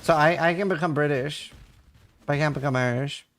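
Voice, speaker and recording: A man's voice: on the high side, a little fast, a bit bright. A man from Norway in his thirties, chatting casually with viewers while gaming, reading their questions aloud and swearing now and then. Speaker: livestreamer.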